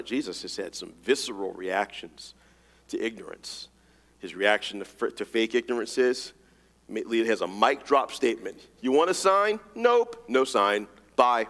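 A man's voice: lowish voice, in a large hall. A man preaching a sermon, emphatic and casual, reading scripture and telling a story. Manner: animated, rapid-fire emphatic delivery, casual slang.

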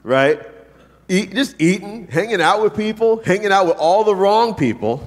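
A man preaching a sermon with lively, joking delivery, often asking "right?" and acting out the voices of the people he quotes. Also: sits high, moderate pace. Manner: animated, jokey preaching with frequent rhetorical "right?". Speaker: pastor. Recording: long reverb from a large hall.

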